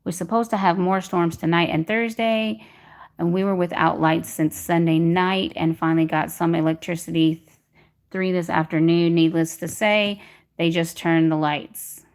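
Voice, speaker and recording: Brief: woman, livestream host, friendly chat-reader, slightly low voice. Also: fairly even intonation, moderate pace. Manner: chatty, greets viewers by name, reads comments aloud. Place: home in Texas during a power outage.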